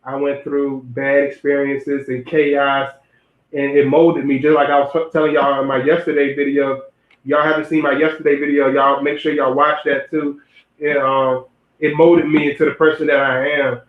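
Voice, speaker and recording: With a mid-range, level voice at a moderate pace, a young man rambles through zodiac relationship advice during a livestream. He addresses the chat directly, often circling back to repeat or restart his phrases in this casual talk to viewers. The audio sounds roomy and lo-fi, much like a phone.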